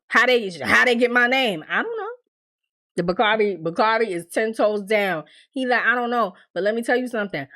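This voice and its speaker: A young adult woman giving a casual, profane TV recap, bluntly acting out the characters' lines as she tells the story. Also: fairly high pitch. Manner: blunt, profane, animated storytelling with quoted dialogue. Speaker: TV recap host.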